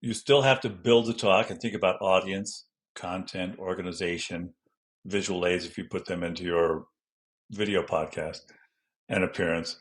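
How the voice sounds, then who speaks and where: Man, middle-aged, fairly low voice, animated, interview guest, explains with examples. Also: normal speed. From Denver, Colorado. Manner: animated, acts out classroom examples. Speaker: educational consultant and guest. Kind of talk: interview answers.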